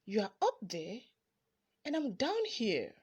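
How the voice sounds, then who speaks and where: A woman voicing a frightened little girl stuck in a dark cave, speaking in a shaky, tearful way. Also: mid-range voice, wildly swooping pitch, takes it slowly, breathy edge, heavily acted. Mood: scared.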